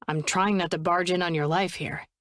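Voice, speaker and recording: A woman voicing a gruff, guarded young man who talks low and blunt, clipped and swearing. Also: fairly even intonation, normal speed, no echo, clean studio sound, natural voice. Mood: tense, guarded.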